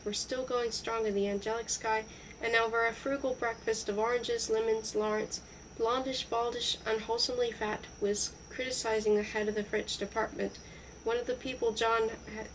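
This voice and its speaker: A woman reads literary prose in a slow, measured way. Her voice sits a little high, and a faint hum of background noise runs underneath. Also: distant mic, poor audio. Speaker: audiobook reader. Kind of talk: literary narration.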